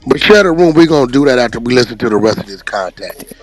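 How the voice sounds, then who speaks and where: A man's voice: mid-range voice, animated, fast talker, no echo, faint music behind. A man hosting a show and reacting to a clip, talking bluntly with lots of swearing and cutting in to argue. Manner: blunt, profane, cuts in to argue. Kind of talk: confrontational commentary.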